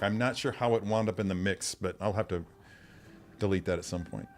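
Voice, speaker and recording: A man's voice: on the low side, fairly quick, faint music behind. A middle-aged man hosting a live stream, chatting casually, rambling and answering viewers' comments.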